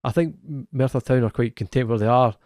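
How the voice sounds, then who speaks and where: Co-hosting a football podcast, this man talks in a relaxed, chatty way, frequently restarting sentences, correcting himself and laughing quickly. His mid-range voice is a little mellow, recorded at studio quality without any echo.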